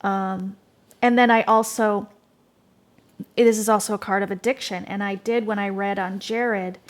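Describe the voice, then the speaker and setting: A woman's voice: medium pitch, fairly even intonation, unhurried. Rambling woman musing over tarot cards. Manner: rambling, hesitant, many fillers and restarts. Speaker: tarot reader. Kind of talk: casual intuitive tarot reading monologue.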